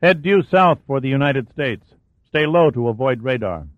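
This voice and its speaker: A man's voice: mid-range voice, expressive, normal speed, no echo, close to an everyday voice. A man reading an audiobook, voicing a cold, contemptuous male hired killer. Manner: contemptuous and sneering. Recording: dry, phone-like narrow sound.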